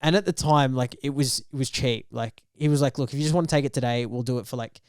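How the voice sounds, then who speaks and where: A young man, co-hosting a podcast and telling a story with lively acted-out dialogue. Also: mid-range voice, quick pace, dry recording, clean studio sound. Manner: animated storyteller, acts out quoted dialogue. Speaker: podcast co-host. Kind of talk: casual storytelling chat.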